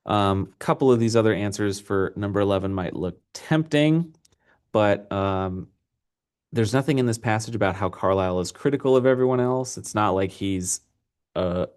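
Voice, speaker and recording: A man's voice: low voice, a little mellow, clear, resonant tone. A man teaching a class in an unedited recorded lesson, talking casually and rambling with many fillers.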